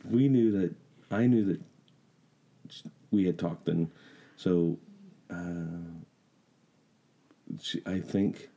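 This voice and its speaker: Very dark, gravelly middle-aged man, sick. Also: low voice. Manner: halting, rambling storyteller. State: sick, coughing. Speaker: podcast co-host. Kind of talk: casual chat.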